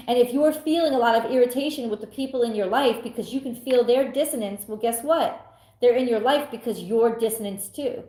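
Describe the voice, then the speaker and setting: A woman's voice: a little high, a little mellow, echoey room. A woman tarot reader in a casual spiritual monologue, blunt and emphatic, swearing freely and firing rhetorical questions.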